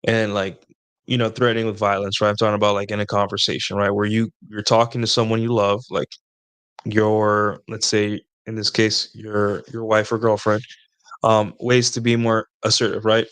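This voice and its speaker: A man's voice: fairly low pitch, monotone, moderate pace, a bit bright, clear, resonant tone, dry recording. A man hosting a casual advice talk. He rambles, restarts sentences often, and keeps checking in with "right?" and "like". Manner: rambling, repeats points with "right?" and "like". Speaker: host answering viewer questions.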